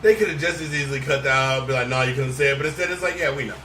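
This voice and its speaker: A man's voice: mid-range voice, very fast, sharp tone. A man co-hosting a casual podcast chat, rambling and often saying "let's be real.". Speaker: podcast co-host. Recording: roomy, distant mic with faint noise.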